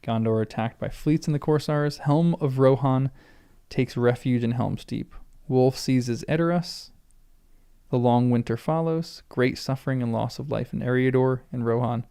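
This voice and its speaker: A man's voice: mid-range voice, normal speed, mellow, clear, resonant tone. A man reading a book aloud for the first time, stumbling over names and stopping to muse about pronunciation.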